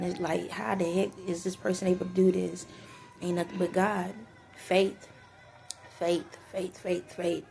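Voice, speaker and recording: Teary woman talking faith, slight fry. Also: on the low side, dark tone. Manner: tearful, earnest, faith-filled, halting with restarts. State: teary, sniffly. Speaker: vlogger. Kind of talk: emotional personal talk to camera.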